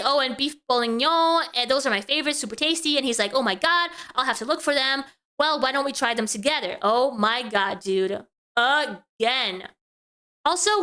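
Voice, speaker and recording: A woman VTuber commentator reading messages aloud and reacting to them, rattling off the quoted lines quickly and breaking off with exasperated exclamations. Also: high voice, sharp tone.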